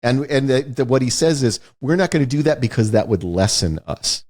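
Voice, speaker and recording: A man's voice: mid-range voice, lively intonation, a little fast, darkish tone. A man co-hosting a podcast, casually explaining themes in films with frequent restarts. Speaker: podcast co-host. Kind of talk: casual film discussion.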